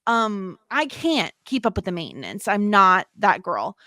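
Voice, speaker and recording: A woman co-hosting a podcast, chatting casually in a joking, self-deprecating, animated way. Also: medium pitch, unhurried, dry recording, studio quality. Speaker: podcast co-host. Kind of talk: casual chat.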